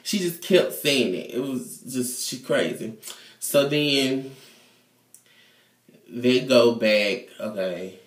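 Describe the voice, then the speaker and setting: A man retells a TV episode in a casual, animated way, full of slang and cursing. His voice sits at a middle pitch, and the room around him echoes. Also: slow, long pauses. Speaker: TV show reviewer. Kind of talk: casual profane episode recap.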